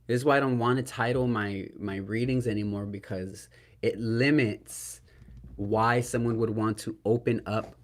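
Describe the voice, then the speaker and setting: A man's voice: lowish voice, steady tone, moderate pace. A man giving a solo tarot reading to the camera. He is earnest and emotional, speaks to viewers as "y'all", often asks "right?" and talks in spiritual terms. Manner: spiritual, invokes Spirit and archangels. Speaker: tarot reader.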